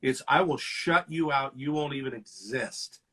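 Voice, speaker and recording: Husky man counseling in lively talk. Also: medium pitch, measured pace. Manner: animated, acts out quoted lines with shifts in loudness. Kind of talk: teaching conversation.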